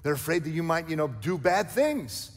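A man's voice: on the high side, big pitch swings, moderate pace, long reverb tail. A male pastor preaching a sermon, emphatic and conversational, with light jokes and asides. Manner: emphatic preaching with rising, forceful stresses.

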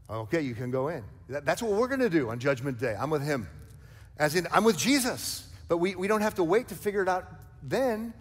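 A male pastor delivers a sermon in an emphatic, conversational style, slipping in light jokes and asides. His voice is on the high side with a long reverb tail, and his preaching builds with rising, forceful stresses.

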